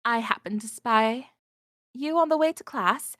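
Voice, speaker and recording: A woman reading a visual novel aloud, narrating in the first person and voicing the heroine with a lively, wondering manner. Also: on the high side, unhurried, no room sound, studio quality.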